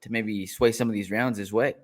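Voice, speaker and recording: A man's voice: fairly low pitch, fairly even intonation, a little fast. A man co-hosting a podcast, talking through a fight in easygoing casual chat. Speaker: podcast co-host.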